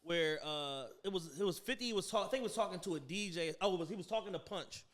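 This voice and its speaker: A man with a high, bright voice talks bluntly and crudely on a podcast. The room around him is noticeably echoey. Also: fast. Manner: blunt, profane, jokey. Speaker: podcast co-host. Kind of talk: casual chat.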